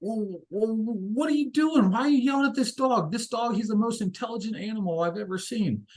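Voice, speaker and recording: A man's voice: mid-range voice, animated, moderate pace, a bit bright, natural voice. A man voicing a friendly, puzzled male butcher who asks question after question. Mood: indignant. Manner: chatty, amazed questions.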